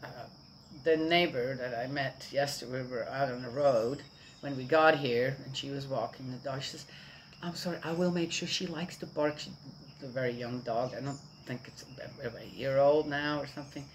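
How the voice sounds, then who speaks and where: A woman's voice: extremely low pitch, steady tone, moderate pace, a little hiss or hum, poor audio. An older woman chatting casually outdoors to her viewers, rambling on and checking in with her listeners as she goes. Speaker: vlogger. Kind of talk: casual morning chat.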